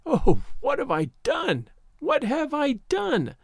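Guy reading a story doing a panicky young woman, high and wavery, begging and wailing, dry close sound. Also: big pitch swings, normal speed, dry recording. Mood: distraught. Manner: pleading, wailing. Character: young distressed woman, anxious and remorseful.

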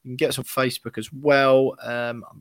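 A man's voice: medium pitch, flat delivery, moderate pace, no room sound. A young man from England hosting a podcast, talking in a matter-of-fact, bantering way. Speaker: podcast host. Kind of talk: casual chat and podcast plugs.

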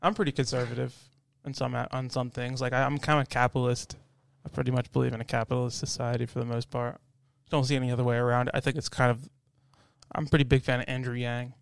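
A man's voice: medium pitch, level tone, creaky, clean tone, dry recording. A man from New Jersey co-hosting a podcast, chatting casually with crude jokes. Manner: joking, quick to laugh, crude. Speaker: podcast co-host. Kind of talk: casual chat.

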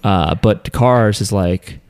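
A man with a somewhat low voice talks through a story recap on a podcast, slipping into the characters' lines as he goes. The sound is close and dry, with no room around it. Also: slow, a little mellow, smooth, dry recording. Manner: retells scenes, acting out characters' lines. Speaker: podcast host recapping an anime. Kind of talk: casual chat.

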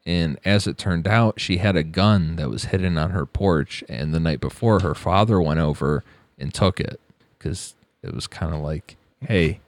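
A man's voice: sits low, moderate pace, no echo. A man narrating a true crime case on a podcast, with blunt, profane asides.

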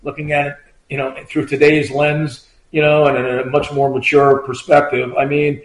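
A middle-aged man, a retired trooper, speaks at a moderate pace in a slightly high voice with a flat delivery, recorded with a roomy echo. He tells casual anecdotes in a loose, rambling way, full of fillers, acting out quoted lines in a raised voice.

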